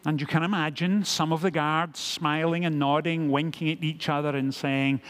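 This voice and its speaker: A man's voice: on the high side, level tone, normal speed, a bit bright. A male pastor preaching a sermon, full of rhetorical questions.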